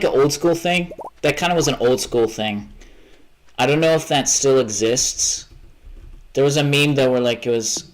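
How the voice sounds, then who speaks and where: A man's voice: medium pitch, slight background noise. A tired young man rambling and swearing casually while he plays a game on a livestream. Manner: rambling, chatty, swears often, trails off. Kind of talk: casual gaming stream chat.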